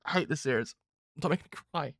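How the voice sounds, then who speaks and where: A man's voice: a little high, fast, fairly bright tone, no room sound, clean studio sound. A man reacting emotionally to a manga he reads, swearing often and laughing between lines.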